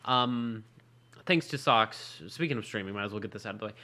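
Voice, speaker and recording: A man co-hosting a casual tech podcast, rambling and leaning on "like" as he thinks out loud. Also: fairly low pitch, a little fast. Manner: rambling, leans on "like" as a filler. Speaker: podcast co-host. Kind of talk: casual chat about tech gadgets.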